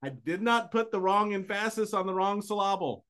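Guy in his 40s, play-by-play announcer, fairly high voice, dry jokey podcast banter. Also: a bit bright, clean tone. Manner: dry, self-mocking, quick to laugh. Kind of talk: casual sports podcast chat.

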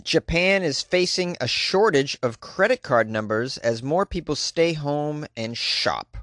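A man's voice: on the high side, lively intonation, unhurried, fairly bright tone, no room sound, clean studio sound. A man with a Boston accent, riffing in comedic commentary, rambling and incredulous.

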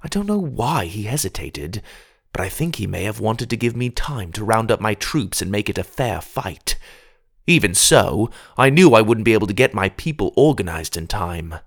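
Guy reading a fantasy story aloud, low voice, swoops around a lot, dramatic. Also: big pitch swings, moderate pace. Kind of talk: first-person storybook narration.

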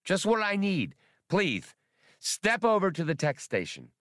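A man doing a squeaky, fussy alien skip tracer. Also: wildly swooping pitch, a little slow, fairly bright tone, no room sound, studio quality, full character voice. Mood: exasperated. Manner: fussy and impatient. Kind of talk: audiobook character voice.

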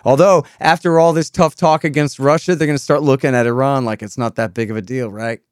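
Ranting man with a smooth voice. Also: mid-range voice, fairly even intonation, fairly quick, no echo, clean studio sound. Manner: ranting, sarcastic, swings from quiet asides to loud outbursts. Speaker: host. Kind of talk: animated political interview.

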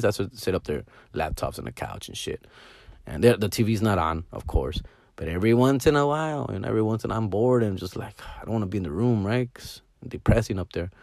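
A middle-aged man telling casual stories, slangy and animated, mixing in Spanish words and dropping to hushed mumbles. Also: on the low side, no echo, clean studio sound. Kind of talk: casual storytelling monologue.

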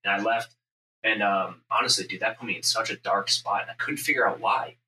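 Intense profane man, bright echoey sound. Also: lowish voice, a little fast. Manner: intense, profane storytelling, acts out his inner voice. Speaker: podcast host, business owner. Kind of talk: casual podcast chat. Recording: echoey room, mic at a distance, faint ambient noise.

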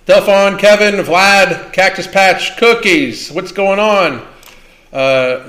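High bright-voiced guy ranting on a livestream, swears a lot, combative. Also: takes it slowly. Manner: profane, combative and blunt. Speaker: livestream host. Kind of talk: livestream Q&A rant.

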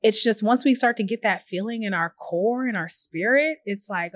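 A woman's voice: medium pitch, normal speed, hardly any pauses, no echo. A woman guest on a podcast, talking earnestly and reflectively, acting out little quoted messages as she tells her stories. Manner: earnest, warm-hearted storyteller who acts out little quoted messages. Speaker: podcast guest, journalist and founder. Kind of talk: reflective conversational interview.

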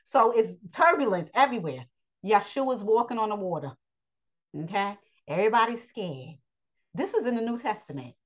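Lively woman preaching a Bible lesson. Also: a little high, normal speed, muffled recording. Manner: lively preaching, calls listeners "child" and "honey"; Southern-style vernacular, repeats phrases. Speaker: Bible teacher.

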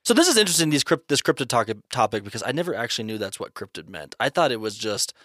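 An easygoing man chatting on a podcast with friends. His voice sits in a middle pitch. The recording is dry and close. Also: very animated, very fast, a bit bright, no room sound. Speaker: podcast co-host. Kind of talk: casual podcast chat.

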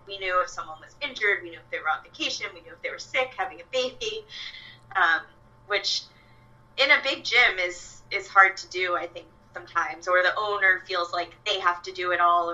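A woman's voice: fairly low pitch, bright, forceful tone, highs cut off. A young woman, a fitness coach, chatting casually with lots of fillers and quoted asides. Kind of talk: casual podcast chat. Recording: voice a bit far from the mic.

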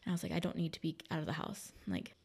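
A young woman co-hosting a casual podcast in a low-ish voice. She talks softly and haltingly with lots of fillers, sounding close to tears. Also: animated, gravelly, slightly rough. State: teary. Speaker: podcast co-host. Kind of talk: casual chat.

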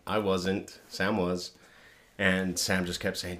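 A man's voice: low voice, little pitch movement, takes it slowly, sharp tone. A middle-aged man co-hosting a podcast, chatting casually and laughing through his stories. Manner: laid-back, laughs while telling stories. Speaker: podcast co-host. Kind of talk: casual chat.

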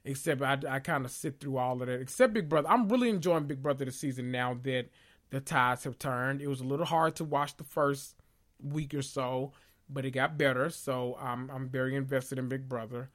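A man from the South, hosting a podcast in casual, opinionated chat with dramatic swings in pitch. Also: normal speed, fairly bright tone. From Southern United States. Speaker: podcast host.

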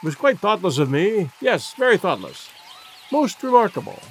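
A man's voice: high voice, huge pitch swings, moderate pace, fairly bright tone, a little hiss or hum, heavily acted. A man voicing a dithering old professor. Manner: dithering, repeats himself mildly. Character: absent-minded fussy old male professor.

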